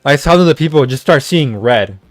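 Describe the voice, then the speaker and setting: A man's voice: medium pitch, expressive, brisk, no echo, faint music behind. Rambling young-sounding man ranting. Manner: rambling, stammering restarts, casual swearing. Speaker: streamer. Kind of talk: casual rant.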